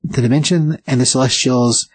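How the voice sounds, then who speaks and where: A man voicing a calm, authoritative sorcerer who is also a surgeon, speaking in a measured, reassuring way. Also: mid-range voice, husky, dry recording, natural voice, low-quality recording. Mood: calm firm.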